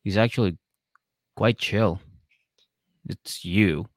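A man's voice: on the low side, slow pace, dry recording, clean studio sound. A man co-hosting a casual podcast, laid-back, giving short reactions and laughing often. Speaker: podcast co-host. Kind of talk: casual chat.

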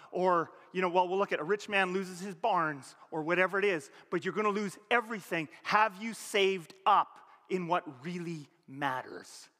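A man from Canada delivers a sermon in a bright, high, forceful voice. He preaches conversationally, swinging from loud emphatic lines to low, quiet ones. The sound carries a long hall reverb. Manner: animated, conversational preaching with sudden rises and drops in pitch and volume. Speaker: pastor.

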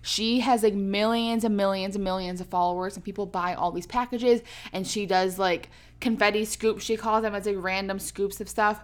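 A woman's voice: mid-range voice, steady tone, moderate pace, hardly any pauses. A woman co-hosting a casual chat, chatty and emphatic, swearing and using lots of fillers.

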